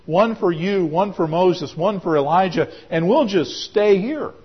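A preacher acting out an eager blurting disciple. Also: male voice, sits high, lively intonation, unhurried, husky, full character voice. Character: impulsive eager male disciple. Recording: dull lo-fi recording.

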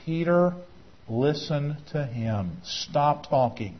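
A preacher voicing God speaking from heaven, slow, solemn and rebuking. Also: male voice, fairly high pitch, animated. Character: stern heavenly father voice, male. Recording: dull lo-fi recording.

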